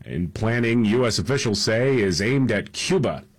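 A man co-hosting a radio talk show, running through the day's top stories in a relaxed, chuckling way. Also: on the low side, normal speed. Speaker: radio talk show co-host reading headlines. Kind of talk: casual radio news rundown.

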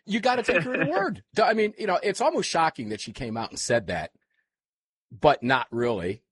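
A man hosting a panel talk show, animated and quick to laugh along, handing off to his guests. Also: a little high, slightly rough.

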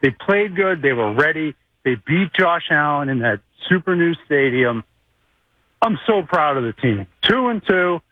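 A man calls in to a sports radio show, talking like an eager fan. His voice sits a little high and comes through a thin, tinny phone line. The sound is dry, with no room around it. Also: animated, unhurried, no room sound. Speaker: caller.

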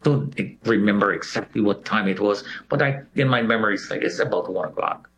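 A man's voice: on the low side, fairly quick. A man recounting a personal experience, telling the story with animation and acting out the voices of others. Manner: animated storyteller who acts out quoted voices. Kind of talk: personal recollection.

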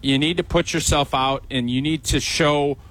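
A man's voice: a little high, fairly even intonation, moderate pace, fairly bright tone. A man as a guest on a sports talk show, answering thoughtfully with hesitant restarts. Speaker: guest commentator.

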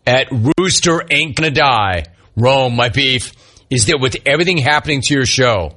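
A man's voice: medium pitch, sharp tone. A man hosting a sports talk show, reading listener messages aloud and wisecracking about each one.

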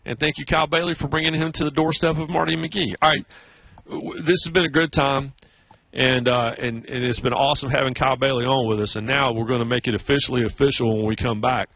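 A man's voice: fast talker, creaky, no echo. A middle-aged man from South Carolina with a Southern accent, telling stories as a radio sports host. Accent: Southern American. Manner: animated storyteller, breaks into high mocking voices for others. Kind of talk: casual radio chat.

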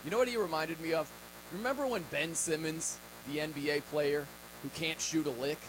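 Sports talk host, American man, high voice, punchy rhetorical delivery, faint noise behind. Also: a little fast. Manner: emphatic, rhetorical questions, frequent laughs.

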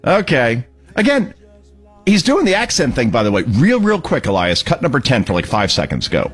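A man's voice: mid-range voice, huge pitch swings, normal speed. A man hosting a political talk radio show, sarcastic and opinionated, cueing clips.

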